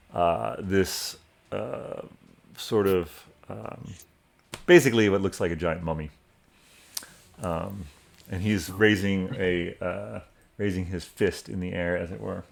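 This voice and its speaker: A man narrating a tabletop game as game master, in a relaxed, halting way with many fillers. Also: low voice, creaky.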